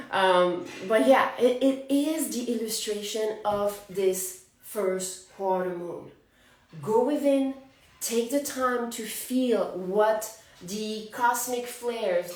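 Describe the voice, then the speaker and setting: A woman in her forties with a French accent talks casually about spirituality to her viewers, chatty and laughing often between thoughts. Her voice sits fairly high. She is recorded in a roomy space, a little away from the mic. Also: recorded from a distance. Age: 40s. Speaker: astrology channel host.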